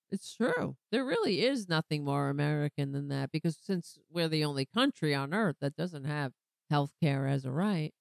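A woman hosting a casual political commentary show, talking sarcastically and rambling, her voice going hoarse. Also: mid-range voice, big pitch swings, no room sound. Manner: sarcastic, rambling, slow-paced. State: losing her voice, clearing throat. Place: home, pet on lap.

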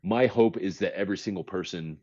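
Male podcast co-host, deep voice, earnest and pleading, muffled lo-fi audio. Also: brisk, mellow, slightly rough. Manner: impassioned, pleading, repeats himself. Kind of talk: casual chat.

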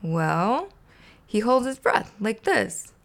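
A woman voicing a big, gentle, innocent bird in an earnest way while reading a children's storybook aloud. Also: mid-range voice, very animated, slow pace, gravelly, pitched above the performer's own voice, full character voice.

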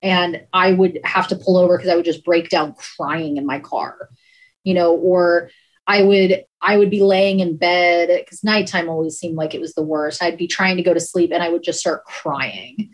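A woman's voice: on the low side, steady tone, moderate pace, low-quality recording. A woman who works as an emergency dispatcher, candidly and emotionally telling her story in an interview, with many "like" fillers.

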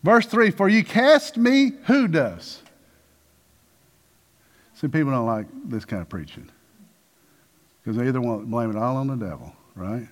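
A man's voice: medium pitch, sing-song, unhurried, long pauses. A man preaching a sermon, calling out to the congregation and acting out voices of Bible figures. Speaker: pastor.

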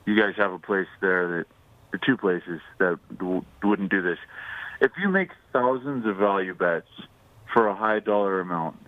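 A man's voice: fairly low pitch, no echo. A man co-hosting a sports betting radio show, casual and teasing, laughing easily. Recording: dry phone-line sound.

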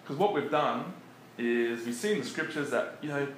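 A man preaching in a relaxed, conversational way, often chuckling between his points. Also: mid-range voice, moderate pace. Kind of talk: conversational sermon. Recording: echoey room with faint background noise.

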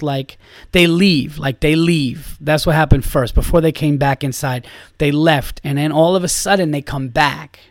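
A man's voice: a little high, no room sound. A man, a comedian and podcast host, telling a long rambling story full of swearing and fillers. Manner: rambling and profane, lots of fillers. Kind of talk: casual storytelling.

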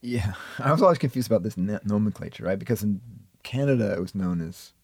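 Fast and lively, the lowish, slightly mellow voice of an economics professor carries a breathy edge in this dry studio-mic recording. He co-hosts a podcast from a radio studio, casually trading dry jokes amid many hesitations.

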